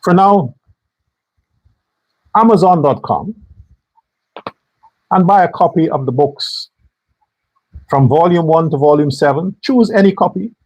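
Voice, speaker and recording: A man's voice: a little high, animated, unhurried, long pauses, a little mellow, low-quality recording. A man hosting a political commentary show, ranting angrily and bluntly, swearing and hammering his points through repetition. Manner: angry, blunt and profane, hammering phrases by repetition.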